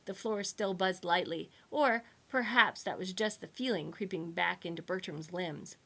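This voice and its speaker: A woman's voice: on the low side, moderate pace, creaky, few pauses, a bit bright. A woman reading her own humorous sci-fi book aloud with wry, playful narration.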